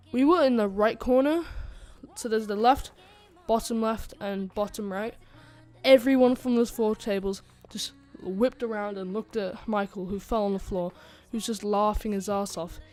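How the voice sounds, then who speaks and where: A woman's voice: medium pitch, darkish tone. A woman telling a casual storytime tale into a desk microphone, rambling with lots of fillers, restarts and giggly asides. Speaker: channel host telling a story.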